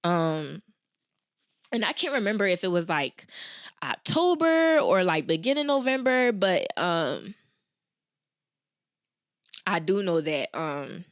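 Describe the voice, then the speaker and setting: 20-something philly girl podcasting, smooth lowish voice, dry mic, trying not to cry, talks to y'all. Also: very animated, takes it slowly, long pauses, dry recording. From Philadelphia, USA. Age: 20s. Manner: candid, emotional, addresses listeners as y'all. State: holding back tears. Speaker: podcast host. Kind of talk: personal storytelling monologue.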